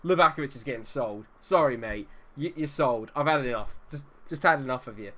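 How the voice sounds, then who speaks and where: A man's voice: medium pitch, fairly quick, bright, forceful tone. A man hosting his own gaming channel, giving live commentary over a management game in an exasperated, self-deprecating, rambling way.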